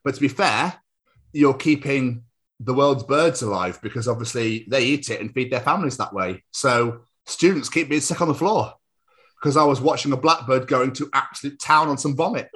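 A man's voice: medium pitch, normal speed, a bit bright. A man co-hosting a podcast in casual chat, rambling through funny stories and laughing often. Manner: rambling storyteller, laughs often, does silly voices. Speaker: podcast co-host.

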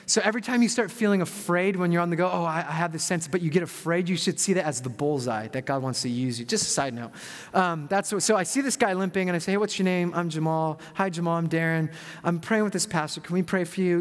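A man preaching a sermon as pastor, telling stories in a lively, conversational way. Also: high voice. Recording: long hall reverb.

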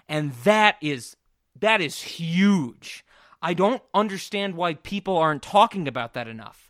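A man co-hosting a casual film podcast, excitable and rambling, swearing freely as he talks. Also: high-pitched, unhurried, no room sound, clean studio sound. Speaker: podcast co-host.

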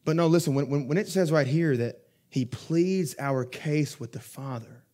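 Preaching as a pastor, this young man has a slightly high voice and keeps to a normal speed. His delivery is lively and conversational, swinging from loud, emphatic moments to quiet asides, and he laughs his way through his stories.

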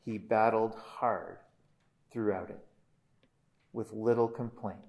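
A man who is a pastor, delivering a funeral eulogy in an earnest, measured way, often restarting phrases and letting line ends fall soft. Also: lowish voice, fairly even intonation, gravelly.

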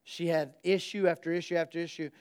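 A man preaching a sermon, swinging from hushed storytelling to loud, excited preaching. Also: a little high, fast, clean tone. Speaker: pastor.

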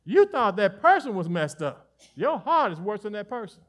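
A man preaching a lively sermon in a high, bright voice. He swings between forceful declarations and quiet, folksy asides, joking easily with his congregation. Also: normal speed. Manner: animated preaching with sudden drops to soft asides. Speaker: pastor.

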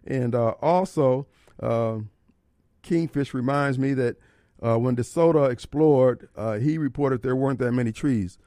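A man's voice: medium pitch, measured pace, warm tone, no echo, clean studio sound. A man hosting a radio talk show, preaching his opinions and firing off rhetorical questions. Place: radio studio. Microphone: studio microphone.

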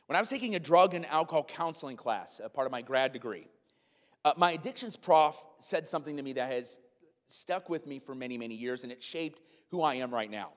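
A male pastor preaching a conversational sermon to his congregation, animated, with frequent asides to the room. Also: mid-range voice, a little fast. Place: church hall, live congregation. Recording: long hall reverb.

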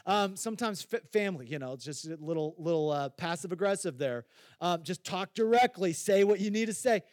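A pastor with a high-sitting, darkish voice preaches briskly and with animation, recorded in clean studio sound with no room noise. He speaks conversationally, asks his listeners questions directly, and repeats phrases for emphasis.

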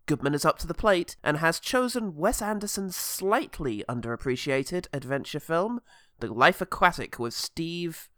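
A man's voice: on the high side, expressive, moderate pace, few pauses, pushed and bright, no echo, clean studio sound. A man from England co-hosting a comedy podcast, playful and sarcastic, swearing freely. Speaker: podcast co-host. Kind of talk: casual comedic chat.

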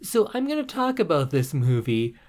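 A man's voice: fairly high pitch, moderate pace. Wry man co-hosting a casual podcast. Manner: relaxed, wry, jokey. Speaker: podcast co-host. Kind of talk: casual chat.

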